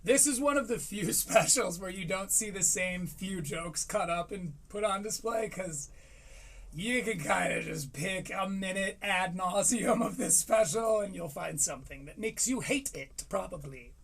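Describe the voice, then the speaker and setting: High-voiced, profane live-stream commentator. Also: male voice, creaky, a bit bright. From Michigan, USA. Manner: profane, joking, fast asides. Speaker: streamer reviewing a comedy special.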